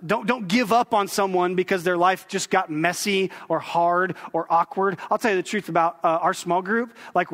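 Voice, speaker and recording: Male pastor, thirties, high voice, sermon, chatty joking asides, long church-hall reverb. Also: fairly bright tone. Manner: conversational, joking asides to the congregation. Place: church sanctuary.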